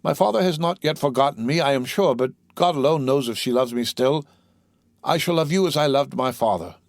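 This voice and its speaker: A man's voice: medium pitch, fairly quick, dry recording, studio quality, close to an everyday voice. A man voicing a desperate young male prisoner in an audiobook, pleading with earnest passion.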